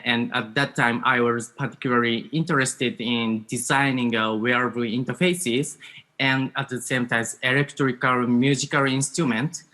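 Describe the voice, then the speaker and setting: A man's voice: mid-range voice, sharp tone. A man, a startup founder in his thirties introducing himself on a video call, hesitant with many fillers. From Japan. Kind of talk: panel self-introduction.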